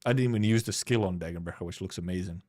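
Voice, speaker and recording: A man's voice: low-pitched, racing, a crowd in the background. A man from Finland, a native Finnish speaker, reading a game story aloud on stream with casual, joking asides.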